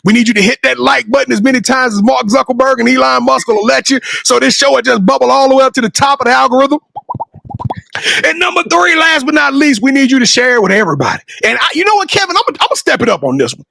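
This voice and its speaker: A man from Louisiana hosting a sports talk podcast, loud and excitable, often breaking into shouts. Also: very high-pitched, fast talker, creaky, dry recording. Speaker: podcast host. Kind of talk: hype talk-show hosting.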